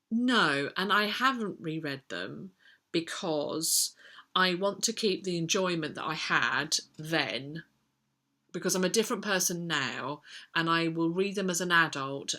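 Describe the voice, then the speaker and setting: A woman's voice: low voice, pushed and bright. A middle-aged woman, chatting casually as a book vlogger answering viewer questions, with frequent ums as she thinks aloud. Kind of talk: casual chat.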